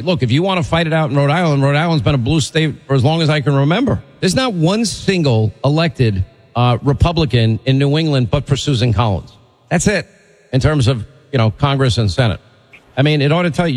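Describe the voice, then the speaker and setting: A man's voice: on the high side, lively intonation, fairly quick, big-room sound. A man hosting a talk radio show, blunt and opinionated, bantering with callers.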